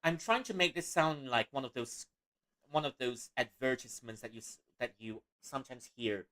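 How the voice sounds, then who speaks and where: A man's voice: medium pitch, moderate pace, pushed and bright. A man from Malaysia, joking and laughing as he streams a game. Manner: jokey, laughs often. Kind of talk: casual livestream commentary.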